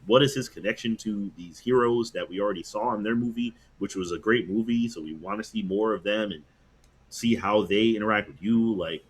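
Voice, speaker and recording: A man's voice: lowish voice, a little fast, husky. A man co-hosting a podcast, talking casually in a rambling, hesitant way. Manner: rambling, hesitant, many fillers and restarts. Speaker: podcast co-host. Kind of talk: casual chat.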